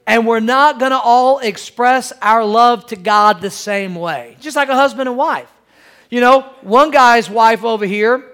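A middle-aged man preaching a sermon, asking for amens and acting out everyday scenes. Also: a bit bright. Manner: preacherly, calls for amens, acts out quoted wives in a high voice. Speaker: pastor.

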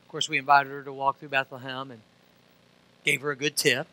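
A man's voice: medium pitch, flat delivery, brisk, pushed and bright. A middle-aged male pastor delivering a sermon, folksy storytelling that builds to emphatic preaching.

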